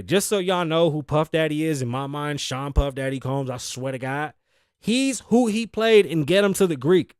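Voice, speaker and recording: A young male talk show host tearing through a comedic monologue, profane and ranting. His voice is a touch high for a man and swings widely in pitch. The recording is dry and close, with no room around it. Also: no room sound.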